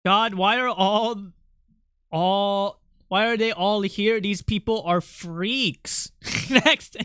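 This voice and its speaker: A young man streaming while he draws, chatting casually and excitably, laughing often and swearing now and then. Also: high-pitched, slow, smooth, no echo, studio quality. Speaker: art streamer. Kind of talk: casual live-stream chat.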